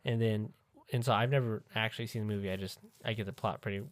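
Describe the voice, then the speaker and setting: A man's voice: on the low side, steady tone, fast, no room sound. Joking man on a dry podcast mic. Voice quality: crude, joking. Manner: laughs often. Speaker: podcast co-host. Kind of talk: casual chat.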